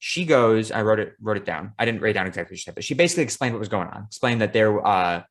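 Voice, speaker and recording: Animated, profane male podcast storyteller. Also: fairly low pitch. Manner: animated, profane, quick asides. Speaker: podcast co-host. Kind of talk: casual storytelling chat.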